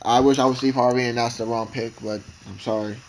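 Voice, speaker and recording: A man co-hosting a casual podcast, talking in a rambling, emotional way with many halting restarts. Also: medium pitch, steady tone, a little hiss or hum, poor audio. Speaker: podcast co-host.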